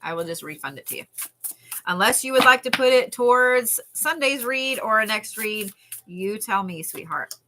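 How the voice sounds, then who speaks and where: A woman doing a chatty, animated live-stream card reading as a tarot reader. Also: a little high, moderate pace, noisy background. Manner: chatty and animated, with frequent laughs and yawns.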